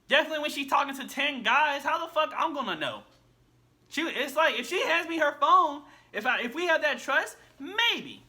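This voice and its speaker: A man's voice: high-pitched, bright, forceful tone. A man hosting a reaction video, giving blunt casual commentary and peppering it with slang. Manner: blunt, repeats himself, slangy with "bro".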